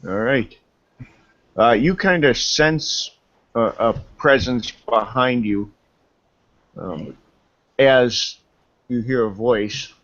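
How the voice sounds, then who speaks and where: A man running a tabletop game as game master, narrating in an unhurried, halting way with fillers. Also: medium pitch, fairly bright tone. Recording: dull lo-fi recording.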